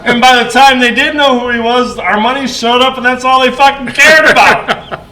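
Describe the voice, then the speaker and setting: A man telling a profane, animated story in casual podcast chat, laughing often. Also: very high-pitched, moderate pace, reverberant, poor audio. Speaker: podcast guest. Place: podcast studio.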